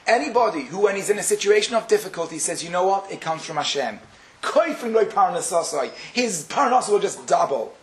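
A man giving an animated Torah lecture as a rabbi, telling stories and weaving in Hebrew terms. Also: high voice, fairly quick.

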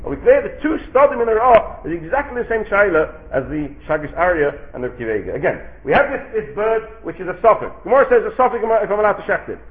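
Man teaching Talmud, lively rising-falling delivery, brisk, over a tinny line. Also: high-pitched. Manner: sing-song questioning, answers own questions. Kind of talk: animated Talmud lecture. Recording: tinny phone-like recording.

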